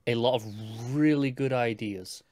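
A man's voice: medium pitch, moderate pace, darkish tone, dry recording. A man co-hosting a casual podcast review, wry and dry, often stammering at the start of a thought. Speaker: podcast co-host.

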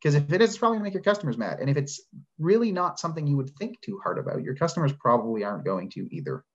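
A man's voice: on the high side, racing. Rambling man on a dull video call. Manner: relaxed, rambling, many fillers. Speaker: marketing agency co-host. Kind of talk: casual advice on a livestream.

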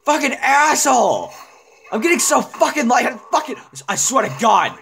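Man, very high voice, husky, swearing gaming commentary, yells a lot. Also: very animated, moderate pace. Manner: profane, ranting, bursts into yelling. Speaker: gamer. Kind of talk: let's-play gaming commentary.

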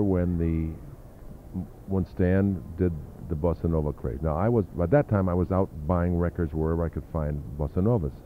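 An older man with a very low voice tells long, rambling stories from his past, stopping often to hunt for names. The sound is thin and tinny like an old phone-line tape with a faint hiss under it. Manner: rambling anecdotal storytelling with fillers. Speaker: interview guest, drummer. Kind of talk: reminiscing interview.

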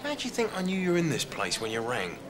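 A man's voice: a little high, wildly swooping pitch, fast talker. An actor playing a tough, sarcastic businessman, speaking bossily. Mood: sardonic. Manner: sarcastic, bossy. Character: tough sardonic middle-aged businessman. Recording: noisy TV drama sound.

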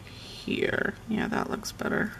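A woman's voice: slow, a bit bright, slight background noise. A woman chatting casually on a live stream while decorating a planner at home, often slipping into murmured, half-whispered asides to herself. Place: at home with her pets.

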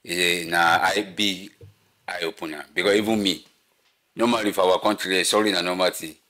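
A man's voice: low voice, fairly even intonation, a little fast, pushed and bright. A Nigerian man with a Nigerian accent, hosting a casual commentary chat, reacting to a clip and explaining it in Pidgin and English. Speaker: commentator host.

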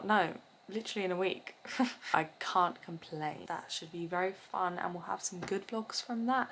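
A young woman chatting casually to camera in a vlog, rambling and correcting herself as she goes. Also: medium pitch. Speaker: vlogger.

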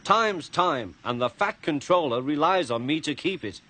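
A man's voice: fairly high pitch, lively intonation, moderate pace, pushed and bright, pitched above the performer's own voice. A man with a British accent voicing a stern, punctual little male tank engine who scolds and teases, over background music. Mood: scolding. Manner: bossy, scolding, teasing.

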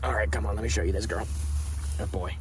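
A man hosting a casual vlog at his animal ranch, gushing with excitement and at times quietly sad. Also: lowish voice, quick pace, a crowd in the background. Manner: gushing, excitable, swings from loud delight to quiet sadness. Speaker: reptile breeder and channel host. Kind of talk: casual vlog talk to camera.

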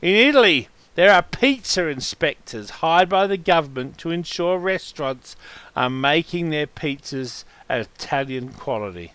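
A man chatting casually while waiting for a game, reading out random facts with crude swearing and loud laughing outbursts. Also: fairly high pitch, animated, measured pace, smooth, no echo.

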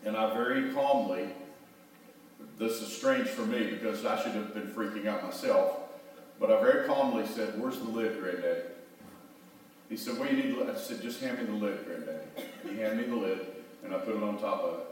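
A middle-aged male pastor giving a sermon, telling a folksy story and leading call-and-response prayer. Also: fairly low pitch. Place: church sanctuary. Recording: echoey hall, voice from far off.

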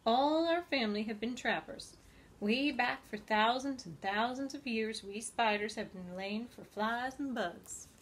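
A woman reading aloud, voicing a calm, clever female spider in a thin, pleasant voice and a matter-of-fact manner. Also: fairly high pitch, a little slow, natural voice. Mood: explaining.

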